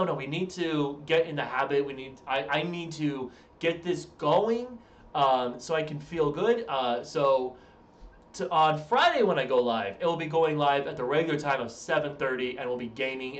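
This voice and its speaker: A man's voice: fairly high pitch, normal speed, muffled recording. A tired young man streaming from home, chatting casually with his audience in a rambling, self-interrupting way. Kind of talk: casual live-stream chat. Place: room at home. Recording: roomy echo, from a distance.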